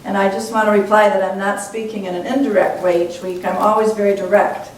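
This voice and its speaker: Her voice mid-pitched and level, a woman minister preaches fairly quickly in an earnest, reflective teaching tone inside a church sanctuary. The distant mic, set a little away from her, catches plenty of church-hall echo and a faint low rumble.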